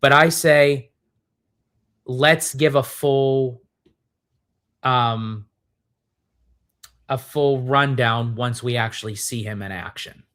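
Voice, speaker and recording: Bright-voiced man co-hosting a live stream. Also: medium pitch, takes it slowly, long pauses. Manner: earnest, talks in run-on restarts. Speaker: co-host. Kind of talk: casual live-stream chat.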